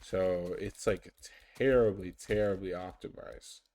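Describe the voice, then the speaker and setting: A man's voice: low-pitched, darkish tone, a little hiss or hum. A man giving casual, rambling commentary over his gameplay, with lots of fillers and restarts. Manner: rambling, filler-heavy, unhurried. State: sleepy, yawning. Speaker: gaming YouTuber.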